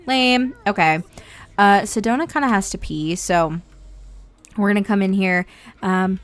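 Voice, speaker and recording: A medium-pitched woman from Indiana hosts the channel, chatting about a life-sim game in a casual, bubbly, excitable way.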